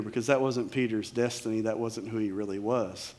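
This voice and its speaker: A male pastor preaching a sermon in an emphatic, conversational way, dropping to quiet lows. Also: steady tone, moderate pace.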